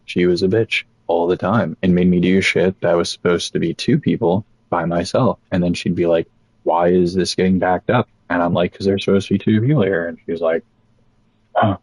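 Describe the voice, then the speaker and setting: Young man, low voice, dry close sound, swearing a lot, rambling storytelling. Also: brisk, slightly rough, dry recording, low-quality recording. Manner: profane, rambling, animated quoting of others. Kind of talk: casual storytelling.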